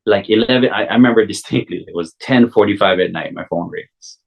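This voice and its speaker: A man's voice: lowish voice, a little fast, gravelly, slightly rough, rough recording. Hawaiian man rambling through a story. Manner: rambling, heavy on "you know" fillers, acts out the voices in his story. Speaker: contractor telling his story. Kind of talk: casual storytelling.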